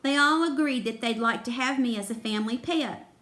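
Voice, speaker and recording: A woman's voice: fairly high pitch, brisk, fairly bright tone. A woman reading a children's chapter book aloud, expressively voicing the characters. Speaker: reader.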